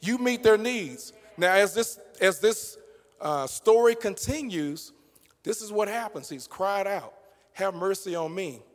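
A man preaching a sermon in a church, talking through it conversationally and then building up to passionate shouting. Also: high-pitched, lively intonation, measured pace, big-room sound. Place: church sanctuary.

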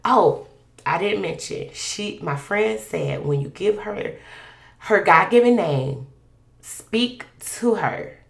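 A woman telling a personal faith testimony in a conversational, animated, colloquial way. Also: medium pitch, slow pace, creaky, roomy sound. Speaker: podcast guest sharing a testimony.

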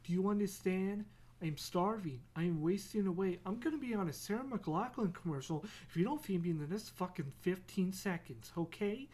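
A man's voice: sits high, animated, moderate pace, darkish tone. A man voicing his bossy, foul-mouthed female house cat, who nags and demands food in a sarcastic, impatient way.

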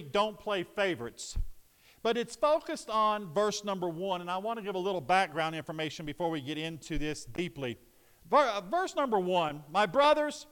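A male pastor delivers a sermon, steady and explanatory at first, then loud and emphatic. His voice sits high and rings smooth and resonant. The sound carries the long reverb of a church sanctuary. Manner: builds from calm teaching to loud emphatic preaching.

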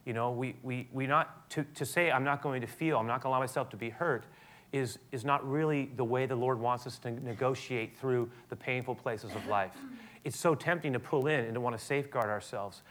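A man preaching a sermon, animated, building to loud emphatic peaks and dropping to soft tones, often restarting his sentences. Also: medium pitch. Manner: frequent restarts and repetitions. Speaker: pastor.

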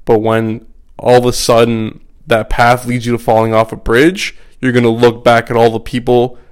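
Male podcast host, mid-pitched and smooth, profane, emphatic, repeats himself for effect. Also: completely flat delivery, moderate pace. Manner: blunt, profane, emphatic with repetition. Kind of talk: solo podcast monologue. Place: at home.

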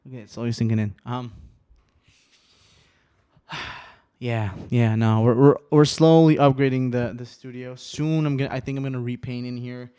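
A man hosting his podcast alone in a small home studio, talking casually and rambling, cursing often, swinging between subdued and excited. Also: medium pitch, normal speed, pauses often, clear, resonant tone. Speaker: podcast host. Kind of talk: casual solo podcast chat.

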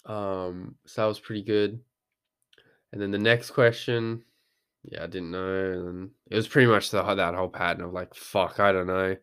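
A man's voice: deep voice, steady tone, normal speed, fairly bright tone, smooth. A young man, talking casually as a podcast host, rambling and swearing freely as he acts out his own thoughts. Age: young adult. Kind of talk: casual monologue.

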